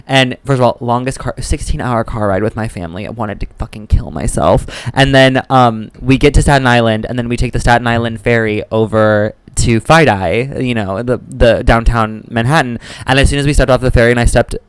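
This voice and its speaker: A young man from Wisconsin with a smooth, resonant voice in a dry, close recording. He tells stories with sass and dramatic flair, quick to joke, in casual podcast chat. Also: medium pitch, fairly even intonation, no room sound, poor audio. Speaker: podcast co-host.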